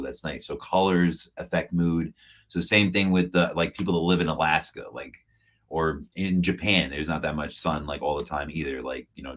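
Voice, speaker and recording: A man hosting a podcast, chatting casually and telling stories, acting out the voices of people he quotes and laughing often. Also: rumbling low. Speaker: podcast host.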